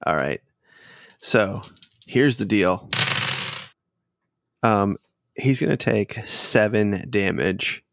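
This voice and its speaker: A man's voice: fairly low pitch, animated, extremely slow, vocal fry, long pauses, slight background noise. A man narrating as game master of a tabletop game, casual and laid-back, swearing now and then.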